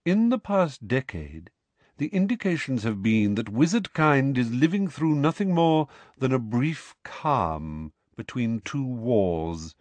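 A man voicing a calm, aloof male centaur teacher who speaks in a measured, quietly disdainful way. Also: mid-range voice, no echo.

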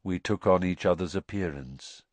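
A man voicing a dazed young man confessing in a flat, expressionless monotone. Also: on the low side, a little slow, no room sound, lightly acted. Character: young man under truth potion, dazed and hollow.

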